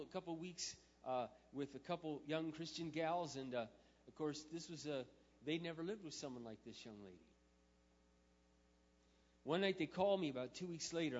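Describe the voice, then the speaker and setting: A male pastor telling a story in a sermon, moving from quiet, intimate storytelling to loud, emphatic preaching. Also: fairly high pitch. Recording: muffled sound with long hall reverb.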